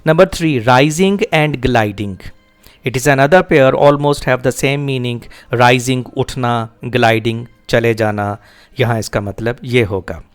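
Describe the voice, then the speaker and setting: A man giving a classroom lecture on a poem exercise, repeating and spelling out key words deliberately. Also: medium pitch, smooth, soft background music. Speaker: English teacher.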